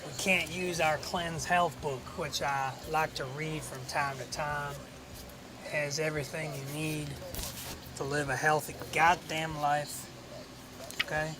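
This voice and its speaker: Rambling man streaming over loud engine noise. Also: on the high side, level tone, unhurried. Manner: rambling, swears, thinks aloud. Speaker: livestream host. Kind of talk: casual livestream chat. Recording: loud vehicle and game noise behind.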